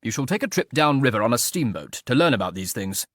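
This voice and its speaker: A man's voice: medium pitch, big pitch swings, quick pace, no echo. Man reading idle aristocrat, drawling, dry irony, mock-mournful, close dry recording. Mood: teasing. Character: languid teasing aristocratic male marquis. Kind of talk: audiobook character reading.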